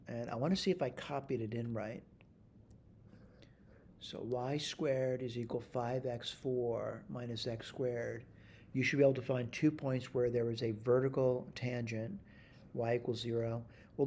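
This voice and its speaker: In this screen-recorded math tutorial, a man with a mellow, medium-pitched voice explains each step out loud. He catches and fixes his own mistakes and keeps asking "all right?" to check in.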